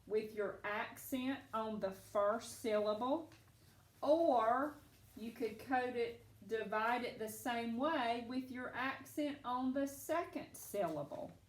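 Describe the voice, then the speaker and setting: Slow, patient woman teacher in echoey room. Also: on the high side. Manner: patient, encouraging, talks children through steps. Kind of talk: recorded phonics lesson.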